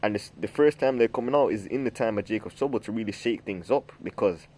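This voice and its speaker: A man's voice: lowish voice, fast talker, darkish tone. Rambling man preaching scripture. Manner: rambling, many fillers and restarts, says "man". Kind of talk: informal scripture teaching.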